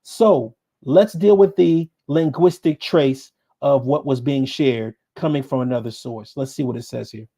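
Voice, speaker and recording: A man's voice: mid-range voice, measured pace, few pauses, dark tone, slightly rough. A man hosting a podcast, giving emphatic commentary and repeating points for stress while reading sources aloud. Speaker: podcast host.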